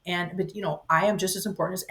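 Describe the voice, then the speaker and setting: Animated woman in her fifties telling a story. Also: on the low side, racing. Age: 50s. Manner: animated, acts out her own voice and others' in the story; rambling, self-interrupting. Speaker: vlogger. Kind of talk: personal storytelling.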